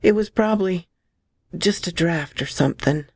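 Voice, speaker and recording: A woman voicing a frightened young woman who speaks softly and haltingly, pleading to be left alone. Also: lowish voice, slightly rough, dry recording.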